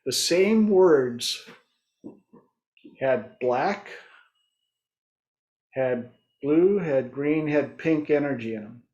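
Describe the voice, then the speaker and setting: Man, host, slow talker, slightly high voice, storytelling, mimics voices. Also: animated, a little mellow. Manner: storytelling, acts out clients' voices. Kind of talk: casual group discussion.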